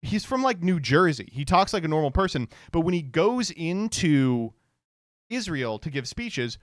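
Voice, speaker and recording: A man's voice: a little high, big pitch swings, measured pace, no room sound, clean studio sound. A man streamer giving casual reaction commentary, sardonic and profane, laughing often.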